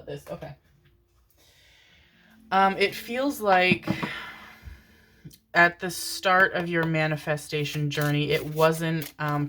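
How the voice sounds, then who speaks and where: A woman with a low voice giving a tarot reading in a relaxed, rambling way. She speaks tenderly to her viewers, calling them her darlings and loves, and fills her pauses with soft "um"s. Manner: affectionate, calls listeners "my darlings" and "my loves"; meandering, with many "um" fillers. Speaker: tarot reader.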